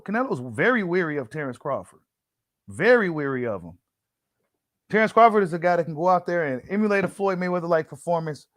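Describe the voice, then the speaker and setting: A man's voice: a little high, no echo, clean studio sound. A man hosting a casual boxing commentary, slangy and full of fillers, who repeats himself and reads an article aloud to his viewers. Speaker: boxing channel host.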